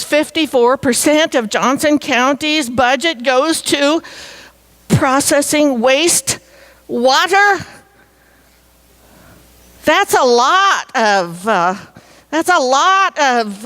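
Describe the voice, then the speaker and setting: Woman speaker, high voice, chatty and playful with the crowd. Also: a bit bright. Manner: playful, chatty, coaxes the audience to join in. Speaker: featured speaker. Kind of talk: interactive audience talk. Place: meeting hall before a live audience.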